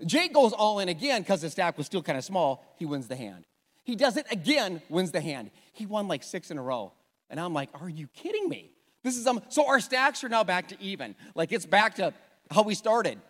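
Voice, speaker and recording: A middle-aged man preaching a sermon, telling a personal story in an animated way, with sudden swings between loud and hushed. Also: high voice, moderate pace. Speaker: pastor. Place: large church hall. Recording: long hall reverb.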